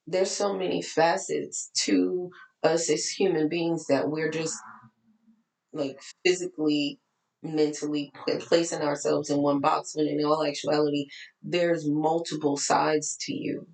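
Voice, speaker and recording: Texas woman life coach, worn out, candid and chatty; gravelly voice, roomy echo. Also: low-pitched, level tone, a little slow, darkish tone. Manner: candid, chatty, preachy asides. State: tired, voice cracking. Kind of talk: casual talk to followers.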